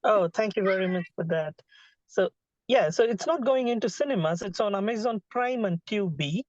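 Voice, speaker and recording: A man's voice: sits high, lively intonation, normal speed. A man, an independent filmmaker, politely and hesitantly asking a question during an online class. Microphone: video call. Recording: lo-fi video call audio.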